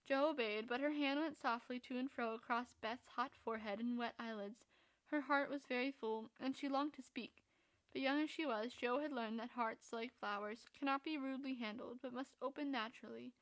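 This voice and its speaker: A woman narrating a classic novel for a podcast in a steady, measured reading. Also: a little high, no room sound. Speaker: podcast reader.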